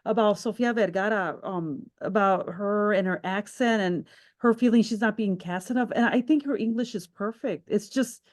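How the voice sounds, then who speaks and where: A woman's voice: medium pitch, moderate pace, a little mellow. A woman hosting a podcast interview, talking in a reflective, rambling way with many restarts. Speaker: podcast host.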